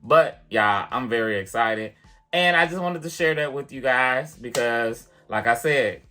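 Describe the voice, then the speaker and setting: A man talks straight to the camera in an easygoing vlog, retelling a personal story with a bright, forward tone. His delivery is chatty and animated, peppered with casual fillers. Faint music plays underneath. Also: medium pitch, unhurried. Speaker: vlogger and piano teacher.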